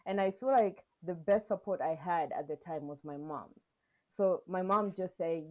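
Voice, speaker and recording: A young woman co-hosting a podcast, chatting casually and telling her story with animated quotes and frequent laughs. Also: fairly low pitch, a little slow, dull audio. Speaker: podcast co-host.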